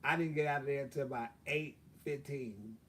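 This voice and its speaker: A man's voice: mid-range voice, brisk, a bit bright, far from the mic. A man telling a long story on his own live stream, casual and profane, with lots of fillers. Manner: profane, drawling, chatty with many fillers. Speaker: livestream host.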